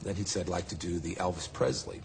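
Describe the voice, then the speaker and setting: A man's voice: low voice, quick pace, gravelly, slight background noise. A man in a documentary interview, animatedly retelling a story and acting out how people reacted.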